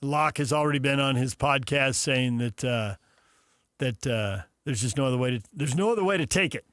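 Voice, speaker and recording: A man's voice: mid-range voice, normal speed, fairly bright tone, dry recording, clean studio sound. A man co-hosting a sports radio show, bantering casually and teasing his partner, often laughing.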